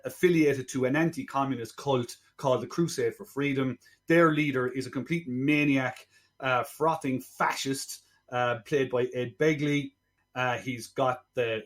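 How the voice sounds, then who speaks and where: A podcast co-host talks through an old spy film in a loose, rambling way. His voice sits in an ordinary middle range for a man, and he keeps circling back with little asides. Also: mid-range voice. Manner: rambling, chatty, quick asides. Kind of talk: casual film review chat.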